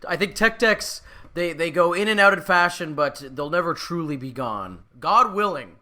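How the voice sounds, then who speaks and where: A man co-hosting a podcast, chatting casually with wry, deadpan humor. His voice is bright and a little on the high side. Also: normal speed. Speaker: podcast co-host.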